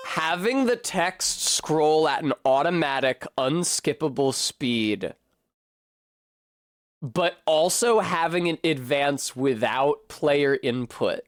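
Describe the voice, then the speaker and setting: A man's voice: fairly high pitch, expressive, slow, dry recording, clean studio sound, faint music behind. A man streaming a video game, rambling casually and swearing as he goes off on tangents. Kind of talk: casual gaming commentary.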